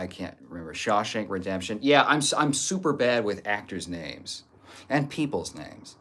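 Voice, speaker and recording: A man streaming live, reading viewer comments aloud and answering with crude, jokey banter. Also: on the low side. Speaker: livestreamer reading chat. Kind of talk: casual livestream chat.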